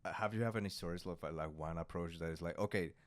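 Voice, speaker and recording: Low-voiced Spanish-accented man, halting. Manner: halting, repeats words, laughs often. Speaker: podcast host. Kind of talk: casual chat.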